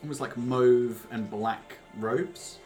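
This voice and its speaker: A man narrates as game master of a tabletop role-playing game. His voice sits at a middle pitch, and he hesitates often, stringing descriptions together with ums and uhs. Music plays clearly in the background. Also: slow pace.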